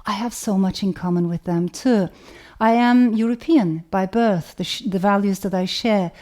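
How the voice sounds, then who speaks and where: A woman's voice: medium pitch, darkish tone. Reflective woman with a Turkish accent. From Turkey. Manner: thoughtful, measured, often says "you know". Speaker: author. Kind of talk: reflective talk to camera.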